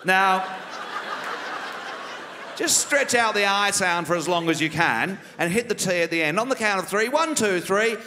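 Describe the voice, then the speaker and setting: A man's voice: sits high, lively intonation, a little slow, pauses often, background noise. A man with an Australian accent impersonating a smug, wealthy male politician who stretches out his vowels and over-enunciates every word. It is recorded live on a stage microphone in a reverberant theater. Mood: smug drawl. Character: smug rich male politician, pompous and self-satisfied.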